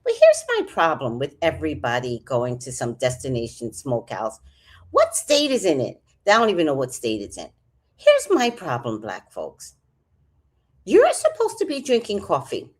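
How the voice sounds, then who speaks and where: A woman's voice: low voice, wildly swooping pitch, moderate pace, slightly rough. A woman chatting casually on a livestream, reading out comments with rambling, profane asides and jokes. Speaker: vlogger.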